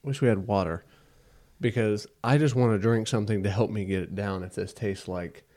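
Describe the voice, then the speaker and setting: A young man with a fairly low voice co-hosts a casual podcast chat. He jokes and teases his friend, laughing often as they talk. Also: moderate pace, warm tone. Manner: joking, teasing, laughs often. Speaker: podcast co-host.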